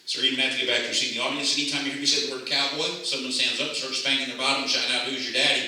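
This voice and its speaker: A man's voice: medium pitch, flat delivery, racing, sharp tone. A man working as a stage hypnotist, giving rhythmic, commanding suggestions with playful teasing at a company party. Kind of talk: stage hypnosis show patter. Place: large room at a company party. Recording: very echoey hall, captured from far off with room noise.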